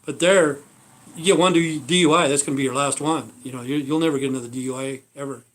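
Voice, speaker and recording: A man's voice: medium pitch, fairly even intonation, fast. An American man in his fifties hosting a livestream, rambling bluntly in casual talk, swearing constantly and trailing off with "you know". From United States. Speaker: livestream host.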